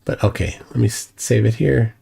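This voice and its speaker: A man's voice: on the low side, moderate pace, gravelly, dark tone, breathy edge. A man from Minnesota with a Minnesotan accent, chatting casually on a live stream in a rambling way and reading chat messages aloud. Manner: rambling, reads chat aloud, many restarts.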